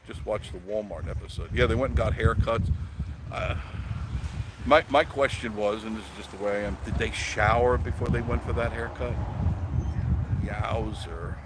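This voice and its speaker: A man's voice: fairly low pitch, normal speed. Rambling man chatting on a live stream. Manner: rambling storyteller, chuckles often. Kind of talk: casual live chat reading comments. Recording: audible background noise.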